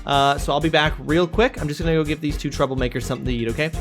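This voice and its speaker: An excitable male streamer talks through his gameplay, reading out viewer messages and cursing casually. His voice sits a little high for a man, with game music playing clearly underneath. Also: racing. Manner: excitable, swears freely, chats with viewers. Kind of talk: live gameplay commentary.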